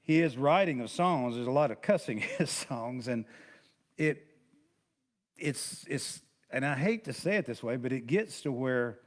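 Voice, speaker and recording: A man's voice: mid-range voice, lively intonation, measured pace. Male pastor leading a casual Bible study; folksy, rambling teacher, chatty asides. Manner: rambling, conversational, with many restarts and asides; folksy, plain-spoken.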